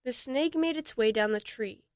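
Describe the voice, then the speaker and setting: A woman narrating a children's story in a gentle, steady reading voice. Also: on the high side, normal speed, no room sound, clean studio sound.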